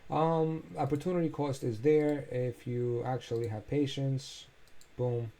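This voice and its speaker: A man's voice: medium pitch, flat delivery, a little slow, dark tone. Chatty man talking through crypto charts. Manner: loose, chatty, thinks aloud with filler sounds. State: tired, yawning. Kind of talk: casual screen-share chart commentary.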